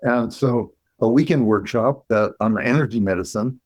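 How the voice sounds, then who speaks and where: In a low-quality recording, a man with a medium-pitched, somewhat dark voice speaks as a guest in an interview. He's a clinical psychologist recounting a story, thoughtful and measured, often stopping and starting over as he works through his thoughts.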